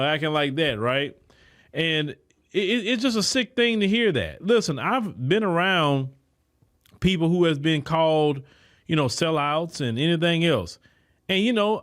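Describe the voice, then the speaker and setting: A man hosts a podcast, delivering an indignant political commentary monologue and repeating words when heated. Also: fairly high pitch. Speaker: podcast host.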